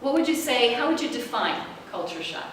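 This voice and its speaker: A woman trainer talks to a group in an echoey room, her pitch sitting a little high. She is picked up from a distance with noise underneath, and she laughs easily and keeps quizzing the audience. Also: brisk. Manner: lively, laughs often, asks the audience questions. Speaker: intercultural trainer. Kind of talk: presenting a workshop.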